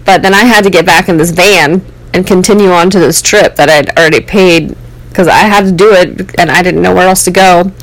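The young woman from the United States who hosts the show talks a little fast in a lowish voice, with no echo but poor audio. She recounts a personal story in a candid, meandering way, peppered with "like" and "um."

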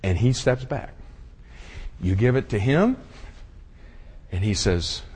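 A man preaching a sermon, folksy and direct, swinging from hushed murmurs to loud shouted exclamations. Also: mid-range voice, lively intonation, slow pace. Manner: folksy, addresses the audience as y'all and buddy. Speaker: pastor. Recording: husky voice with long hall reverb.

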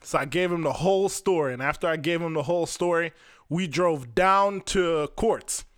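A man's voice: fairly high pitch, normal speed, no room sound, studio quality. A young man hosting a podcast, telling a personal story in a candid, profane way, full of "like" and restarts. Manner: candid, profane, fills talk with "like". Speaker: podcast host.

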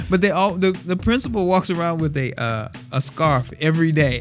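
A man in casual podcast chat, telling lively stories and putting on voices. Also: on the high side, normal speed, faint music behind. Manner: animated storyteller, mimics voices with laughs. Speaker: podcast guest.

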